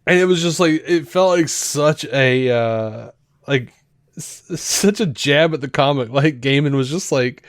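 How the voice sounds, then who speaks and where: Recorded up close with no room sound, a man of average pitch co-hosts a podcast in an unhurried, casual way. His talk wanders with fillers and false starts, and he acts out quotes with energy as he recounts scenes.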